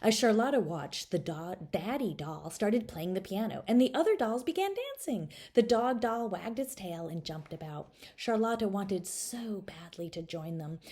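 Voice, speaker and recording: Expressive woman reading a storybook aloud. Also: on the low side. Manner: playful, speaks straight to the listener, drops to whispers. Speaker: children's author reading her own book.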